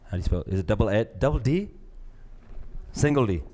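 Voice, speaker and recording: A middle-aged man, teaching a live class, lively, acting out little scenes and laughing often. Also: fairly low pitch, fairly quick. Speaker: spiritual teacher.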